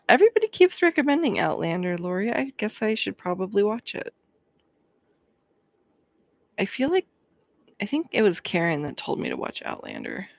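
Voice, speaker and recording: In a dry recording, a fairly low, creaky-voiced woman in her thirties from Colorado, USA, hosts a casual livestream. She goes through viewers' comments, friendly and chatty, laughing readily.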